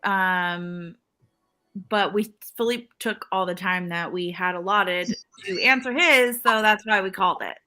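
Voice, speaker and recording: A woman co-hosting a podcast, running a vote in a teasing, brisk manner in casual chat. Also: medium pitch, sharp tone.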